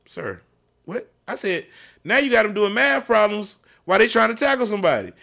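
A man who hosts a podcast and coaches youth football, telling stories in casual chat, animated and profane. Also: high-pitched, fairly quick, gravelly.

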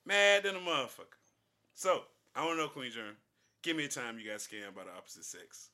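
A man's voice: medium pitch, fairly quick. A man co-hosting a casual talk show, telling profane stories and acting out the people in them. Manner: profane, animated, acts out other people in quoted voices. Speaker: podcast co-host. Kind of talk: casual banter and storytelling.

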